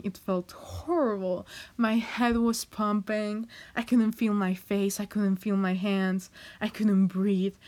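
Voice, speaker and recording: A young woman vlogging confessionally in a hesitant, halting way, with fillers and nervous little laughs, emotional and close to tears. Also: medium pitch, darkish tone. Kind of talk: confessional personal vlog.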